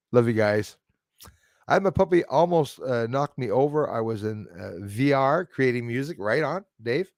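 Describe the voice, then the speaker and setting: A man in mid pitch hosts a live stream, talking loosely and chatting with his viewers. He rambles, laughs often and trails off mid-thought. His voice is close and dry, with no room echo. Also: animated, a little slow, pauses often, a little mellow. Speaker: livestream host reading chat. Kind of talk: rambling casual live chat.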